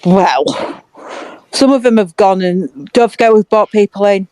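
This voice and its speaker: A woman's voice: mid-range voice, expressive, unhurried, dark tone, dry recording, low-quality recording. Fact-checking woman, dry sound. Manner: checks facts, counts things up. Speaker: podcast co-host. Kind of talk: casual football chat.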